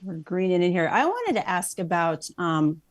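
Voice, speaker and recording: A woman's voice: on the low side, very animated, moderate pace. A woman in a casual radio conversation, searching for words and often repeating herself as she works out an idea. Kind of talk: casual discussion.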